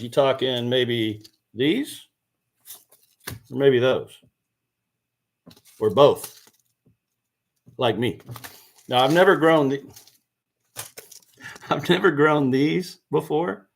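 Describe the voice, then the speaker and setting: A man running a gardening live stream from indoors beside a seed box talks casually with viewers, answering their questions and correcting himself along the way. He has a mid-range voice, speaks slowly, and leaves long pauses.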